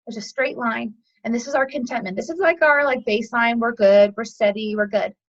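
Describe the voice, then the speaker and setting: A woman guest in an interview, telling a parable in a chatty, animated way with fillers, as a yoga teacher. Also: a little high, fairly quick, highs cut off. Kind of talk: storytelling a parable in conversation.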